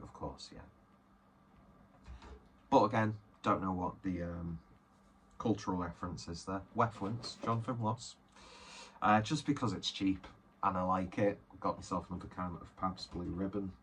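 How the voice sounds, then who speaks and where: A man with a somewhat low voice talks through a beer haul in a loose, rambling way, full of fillers and self-deprecating asides. A faint hiss of noise sits under the recording. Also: fairly bright tone. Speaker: beer reviewer. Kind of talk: casual unboxing chat.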